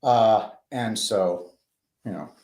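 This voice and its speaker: A man's voice: lowish voice, slow, warm tone. A man co-hosting a podcast in casual, joking, laid-back banter. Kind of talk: casual chat.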